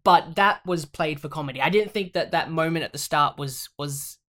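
A man, co-hosting a casual film review podcast, talking in an animated, emphatic way. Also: on the high side, normal speed. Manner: animated, emphatic, swears in mock outrage. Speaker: podcast co-host.

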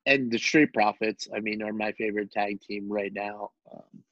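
A man's voice: fairly low pitch, no room sound. A young man co-hosting a podcast in casual chat, opinionated and laughing at himself. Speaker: podcast co-host. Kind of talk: casual chat about pro wrestling. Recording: dry, dull lo-fi recording.

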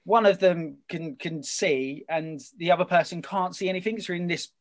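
Man, fairly high voice, casual podcast chat, lively storyteller. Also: normal speed. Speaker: podcast guest.

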